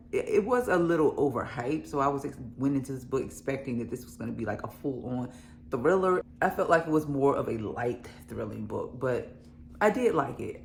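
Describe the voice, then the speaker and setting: A woman's voice: sits low, slight background noise. A woman book vlogger chatting casually to camera, laughing often and filling her talk with "y'all" and "um".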